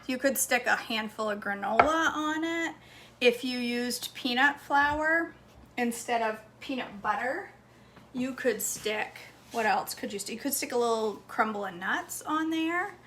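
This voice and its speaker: A woman's voice: fairly high pitch, lively intonation, unhurried, pushed and bright, slight background noise. Chatty woman cooking at home. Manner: chatty, talks to her dog between steps. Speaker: cooking vlogger. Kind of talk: casual kitchen vlog. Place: home kitchen.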